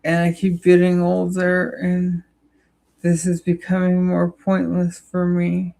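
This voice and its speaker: A young adult livestreamer chatting casually with viewers in a slow, halting, weary way, with many "like" and "uh" fillers. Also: medium pitch, completely flat delivery, creaky, mellow, rough recording. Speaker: livestreamer answering chat.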